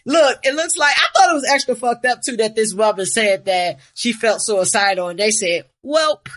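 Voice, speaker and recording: A woman's voice: on the high side, normal speed, a bit bright. A woman co-hosting a podcast in casual, profane chat, blunt and rambling. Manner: blunt, rambling, swears freely. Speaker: podcast co-host.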